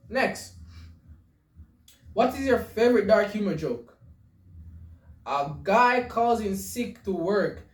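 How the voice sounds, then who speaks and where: Crude woman podcaster riffing on jokes, slow, stammers, echoey room far from mic. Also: mid-range voice. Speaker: podcast host. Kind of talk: casual joke commentary.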